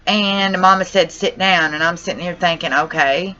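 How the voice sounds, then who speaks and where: A woman's voice: lowish voice, normal speed, pushed and bright. Distressed young woman vlogging. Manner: distressed, rambling, says y'all and cusses. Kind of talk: emotional personal vlog. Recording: dull lo-fi audio.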